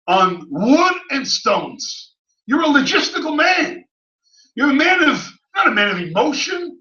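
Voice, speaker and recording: Man doing a haughty old philosopher, incredulous and loud, roomy and dull sound. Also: extremely high pitch, pitched above the performer's own voice, exaggerated voice. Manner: challenging, incredulous questions. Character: proud ancient male philosopher, questioning. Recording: echoey, distant, dull room recording.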